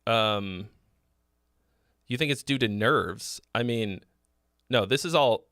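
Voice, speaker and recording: A man's voice: fairly low pitch, slow pace, a bit bright, dry recording, studio quality. A man hosting a casual livestream song critique, talking frankly and loosely with swearing and lots of fillers and restarts. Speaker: host giving song feedback.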